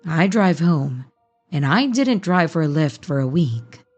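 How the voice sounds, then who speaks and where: A woman's voice: low voice, expressive, measured pace, dull audio. A woman narrating a horror story with dry, wry asides. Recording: soft music bed underneath.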